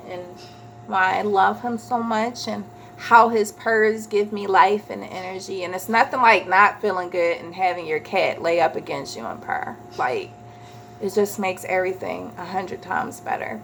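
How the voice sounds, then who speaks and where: A woman, chatting casually as a vlogger and telling a story with animated quoted voices. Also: medium pitch, vocal fry, a little hiss or hum.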